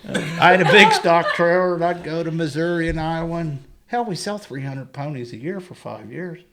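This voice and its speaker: A man's voice: on the high side, normal speed, a loud crowd. A man, a guest on a chat show, telling a rambling story and acting out the dialogue of the people in it. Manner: rambling anecdotes, acting out quoted dialogue, chuckling. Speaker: guest, horse and pony trader. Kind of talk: casual storytelling in conversation.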